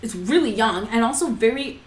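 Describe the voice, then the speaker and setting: A young woman co-hosting a casual chat, animated and swearing freely, acting out quotes. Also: a little high, a little fast. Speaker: podcast co-host. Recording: echoey room.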